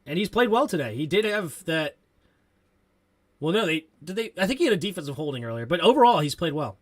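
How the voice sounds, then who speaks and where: A man hosting a live sports stream, calling plays and reacting excitably to chat comments. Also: a little high, a little fast. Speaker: host of a sports talk stream. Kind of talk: live play-by-play and fan commentary.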